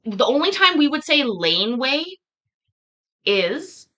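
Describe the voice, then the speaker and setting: A woman's voice: high voice, sing-song, takes it slowly, a bit bright, dull audio. A woman with a Canadian accent hosting a casual livestream chat, laughing and playfully arguing with viewers about how words are said. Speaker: livestream host.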